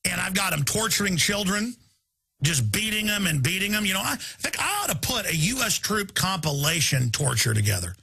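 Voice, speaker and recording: A man's voice: high voice, very animated, moderate pace, creaky, sharp tone, breathy edge, faint music behind. A male talk radio host delivering a rambling, indignant live monologue.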